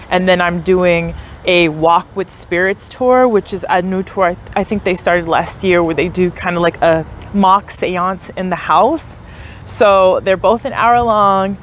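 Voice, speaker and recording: A woman's voice: on the low side, steady tone, measured pace, slight background noise. A young woman talking casually to her viewers while touring a historic house, filling her talk with "like" and unsure asides. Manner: chatty, many "like" fillers, unsure asides. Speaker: vlogger. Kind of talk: casual travel vlog narration. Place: outdoors and in a tourist building.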